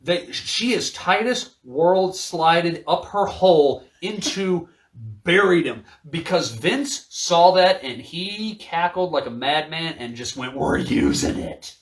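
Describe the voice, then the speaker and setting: A man's voice: fairly high pitch, lively intonation, slow. A man co-hosting a podcast, recapping wrestling in casual, profane chat while reading from his notes. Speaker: podcast co-host.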